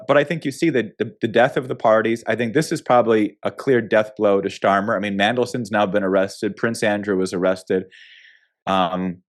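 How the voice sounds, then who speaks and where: An American man speaking as a guest in a political interview, opinionated and emphatic, with many restarts. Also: lowish voice. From United States.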